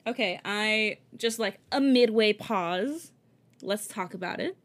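A woman's voice: medium pitch, slow pace. A woman co-hosting a podcast, reading a fan story aloud and often breaking into giggles. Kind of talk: casual reading with giggling asides.

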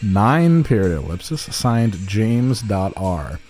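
A man reads personal ads aloud on a comedy podcast, making them sound dramatic and cursing as he goes. His pitch rises and falls a lot as he reads. Faint music plays underneath. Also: sing-song, slow pace, a little mellow. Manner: profane, laughing, mock-dramatic reading aloud. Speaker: podcast co-host.

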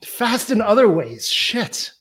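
A man's voice: high voice, big pitch swings, slow, fairly bright tone, slightly rough. Guy hosting a podcast, playful and jokey, tossing out questions. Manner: joking, playful. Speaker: podcast host. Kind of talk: casual interview chat.

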